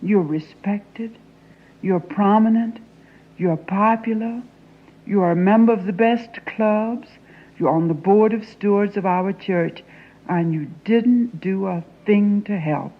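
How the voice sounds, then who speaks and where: A woman performing a dramatic monologue as an anguished young Southern woman confronting her father, intense and often sinking into a hushed whisper. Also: medium pitch, slow pace, phone-quality sound. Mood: anguished pleading.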